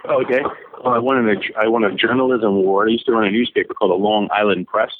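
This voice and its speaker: A man in his fifties from New York speaks with a low voice in a friendly, unhurried storytelling way. He is heard over a thin, tinny phone line as a guest on a call-in interview. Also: fairly even intonation. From New York, USA. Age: 50s. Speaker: author and guest.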